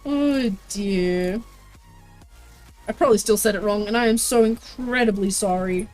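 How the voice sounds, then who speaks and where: This crafting livestreamer talks casually to her viewers in a playful, bubbly manner, laughing and singing often. Her voice is mid-range with a darkish tone and an unhurried pace, with faint music behind her.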